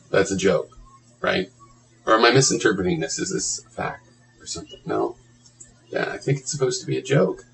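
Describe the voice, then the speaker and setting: Sarcastic low-voiced man reading comments. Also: creaky, a little hiss or hum, rough recording. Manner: sarcastic, mocking, profane asides.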